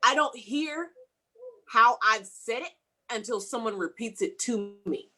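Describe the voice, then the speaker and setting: A woman co-hosting a casual panel talk show, animated and acting out how her words come across. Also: on the high side, unhurried. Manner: animated, acts out how she sounds to others. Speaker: podcast co-host.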